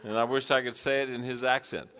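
A middle-aged man leads a church teaching session with a bright, clear voice at an ordinary pitch. He asks the group question after question and repeats their answers back to them. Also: steady tone, fast. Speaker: preaching class teacher. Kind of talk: interactive class teaching.

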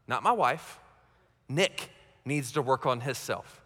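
Male pastor, sermon, conversational, self-deprecating, sharp bright tone, reverberant hall. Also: mid-range voice, lively intonation, slow pace, long pauses. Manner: conversational, checks in with "okay?"; self-mocking humor.

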